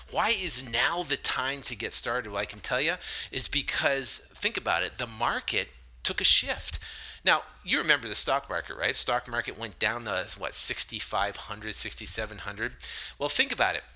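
A man hosting a solo podcast, delivering an energetic, salesy pitch with frequent fillers. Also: poor audio. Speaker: podcast host.

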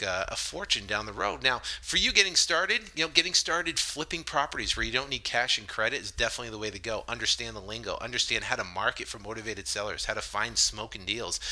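A man hosting a solo podcast, delivering an energetic, salesy pitch with frequent fillers. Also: low-quality recording. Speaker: podcast host.

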